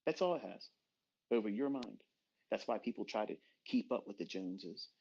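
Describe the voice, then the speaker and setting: A man's voice: expressive, a little fast, husky. Blunt, swearing middle-aged man ranting. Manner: blunt, swearing, swings from low murmurs to loud outbursts. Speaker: trading mentor. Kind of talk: profane motivational rant. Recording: dull lo-fi recording.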